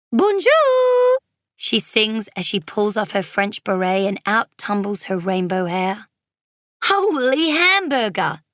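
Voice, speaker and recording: A woman narrating a children's storybook as a young girl, lively and dropping into whispers for suspense. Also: mid-range voice, no echo, studio quality. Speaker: audiobook narrator.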